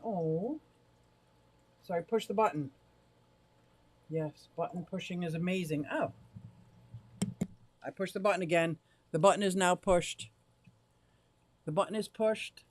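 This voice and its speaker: A chatty, excitable man livestreaming from his home fish room into a directional mic, talking to viewers while fiddling with his gear. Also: high-pitched, unhurried, pauses often, dry recording. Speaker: aquarium hobbyist livestreamer. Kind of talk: casual live stream chat to viewers. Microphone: directional microphone.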